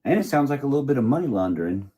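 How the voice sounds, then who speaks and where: A man's voice: medium pitch, very animated, rapid-fire, warm tone, breathy edge. Profane, mocking man. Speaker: video creator. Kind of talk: angry rant.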